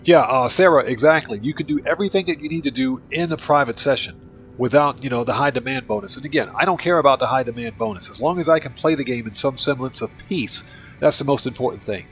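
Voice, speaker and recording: A man's voice: medium pitch, fast, a bit bright, soft background music. A man streaming a video game, chatting casually and talking to his viewers by name as he plays. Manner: chatty, talks to viewers by name while playing. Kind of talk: casual livestream gaming commentary.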